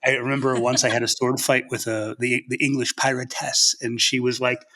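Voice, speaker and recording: Husky, bright-voiced man in interview. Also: mid-range voice, flat delivery, a little fast, few pauses. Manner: earnest, passionate, thinks aloud. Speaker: novelist guest. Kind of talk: casual interview.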